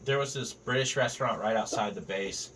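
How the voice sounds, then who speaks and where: A man's voice: on the low side, a little fast. A man chatting casually on a podcast, telling joking stories about travel. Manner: storytelling, joking. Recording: distant mic with faint room noise.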